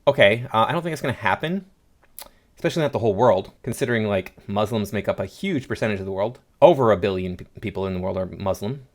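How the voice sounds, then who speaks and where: A man's voice: lowish voice, lively intonation, fast. A man hosting a political commentary show, reading posts aloud and answering them with scoffing sarcasm.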